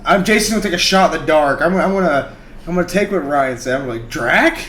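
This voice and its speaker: A man playing in a tabletop game, excitable with loud outbursts. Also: a little high, fast talker, slight background noise. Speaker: player. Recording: echoey room.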